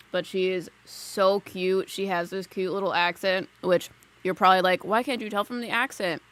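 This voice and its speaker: A woman casually chatting while giving a live psychic reading at her desk at home, talking freely and laughing between thoughts. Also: fairly low pitch. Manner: chatty, giggly, lots of "like" fillers. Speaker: psychic medium streamer. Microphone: desk mic on a live stream.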